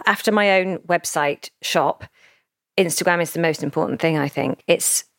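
A woman, a founder telling her story in a casual interview, animated and emotional, acting out what others said. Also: on the low side, moderate pace, no room sound, clean studio sound. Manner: animated, emotional storyteller who acts out quoted speech. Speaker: founder of a children's brand, podcast guest.

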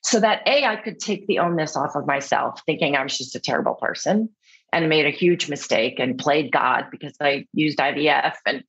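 Brief: husky, lower-pitched woman guest, candid and reflective, slightly dull recording. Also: moderate pace, a bit bright. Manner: earnest, reflective, acts out quotes. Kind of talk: candid interview conversation.

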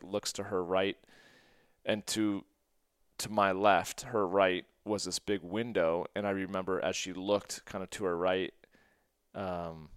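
A man's voice: low-pitched, smooth, no room sound, studio quality. Male podcast host, storyteller, earnest and rambling, lots of "like", clean resonant voice. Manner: rambling, many "like" fillers and restarts; earnest and emotional. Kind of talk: personal storytelling.

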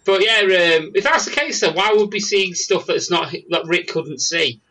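A man's voice: sits high, lively intonation, moderate pace, sharp tone, rough recording. A man hosting a casual podcast over a voice call, telling stories animatedly and laughing often. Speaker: podcast host. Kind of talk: casual chat. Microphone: Skype call.

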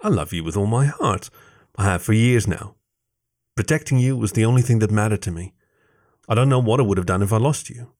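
A strong, protective young tomcat, as a male reader puts him on. His voice is raised a little above the reader's low natural tone and comes across as urgent and caring. It comes from an audio story. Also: expressive, a little fast, a little mellow. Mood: tender.

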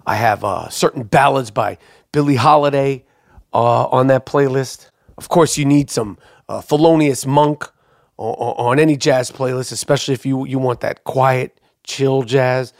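A man hosting a podcast, telling a long story in a rambling, profane, excitable way. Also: medium pitch, normal speed, no echo, studio quality. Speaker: podcast host. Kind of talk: casual storytelling monologue. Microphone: podcast microphone.

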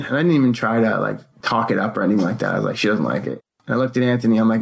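A young male co-host with a gravelly voice and touches of vocal fry tells a personal story in easygoing conversation. His pitch is ordinary mid-range, and he talks very fast with hardly any pauses, animatedly imitating the people he quotes.

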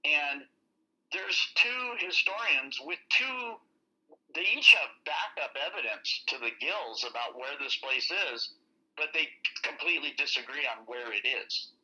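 A man's voice: fairly high pitch, animated, measured pace, bright, forceful tone, muffled recording. A man chatting as a podcast guest, rambling loosely with lots of fillers. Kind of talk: casual interview chat.

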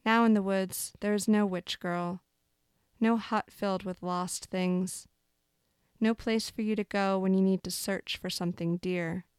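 Lady reading a dark fairy tale out loud, calm and even, nice smooth voice. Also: mid-range voice, measured pace, no echo, studio quality. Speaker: storyteller. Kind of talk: storytelling, reading a dark fable aloud.

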